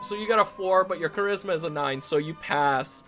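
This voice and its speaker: A man's voice: fairly high pitch, fairly quick, music in the background. A man narrating as game master of a tabletop game, rambling with frequent restarts and laughs.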